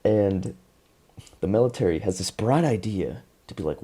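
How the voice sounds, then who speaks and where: A man's voice: fairly low pitch, lively intonation, normal speed, warm tone, slightly rough. A man hosting a podcast, recapping a TV show in a casual, profane, joking way. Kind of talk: casual chat.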